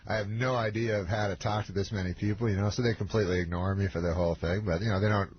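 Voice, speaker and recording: Man, comedian, meandering deadpan storytelling, full of fillers, dull lo-fi sound. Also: fairly low pitch, racing. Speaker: comedian guest. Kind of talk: rambling anecdote on a radio show. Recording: lo-fi radio recording with hiss.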